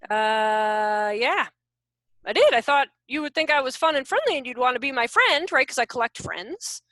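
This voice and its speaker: A woman in her forties, a behavior consultant, giving an animated, jokey online workshop talk over a video call. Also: high voice, moderate pace, dry recording, clean studio sound. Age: 40s. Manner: animated, self-deprecating, jokey.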